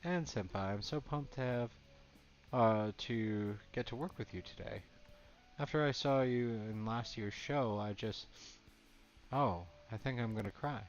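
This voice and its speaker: A man's voice: medium pitch, a little slow, close to an everyday voice. A man reading the lines of an eager young woman model from a game, in his own plain voice. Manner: reading dialogue aloud plainly. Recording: dull lo-fi, faint game music.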